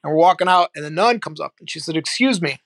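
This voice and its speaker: Animated, candid man telling a story. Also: a little high, fast, no room sound. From Ohio, United States. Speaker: guest. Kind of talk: casual storytelling interview.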